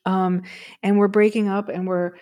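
A woman's voice: medium pitch, flat delivery, moderate pace, mellow. A woman co-hosting a podcast, telling a personal story in a casual, conversational way and often asking "right?". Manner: storytelling, frequently asks "right?" and says "um". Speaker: podcast co-host.

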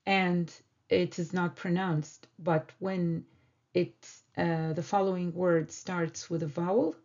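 A woman teaching a beginners' French lesson, repeating each word slowly and carefully. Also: on the low side, fairly even intonation, a little mellow, lo-fi sound. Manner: slow, careful repetition of words. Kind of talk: slow language lesson.

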